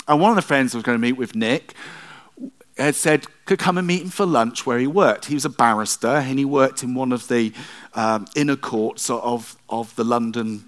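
A man's voice: mid-range voice, fairly bright tone. A middle-aged male pastor preaching a sermon in a conversational way, with self-deprecating asides.

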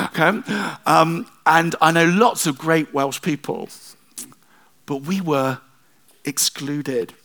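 A man's voice: on the high side, takes it slowly, bright, forceful tone. A middle-aged male pastor preaching a sermon in a conversational way, with self-deprecating asides.

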